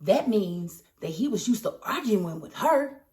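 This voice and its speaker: A woman reviewing a TV episode in casual commentary, animated and emphatic, scolding the characters. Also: mid-range voice, a little slow, reverberant. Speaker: TV show reviewer.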